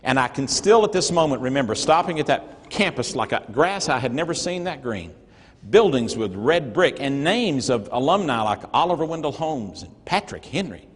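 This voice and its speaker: A man's voice: mid-range voice, very animated, normal speed, slightly rough, in a large hall. A middle-aged man from North Georgia, an earnest, folksy motivational speaker telling a story to a live audience. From North Georgia, USA. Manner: earnest, folksy storyteller with emphatic swings in loudness.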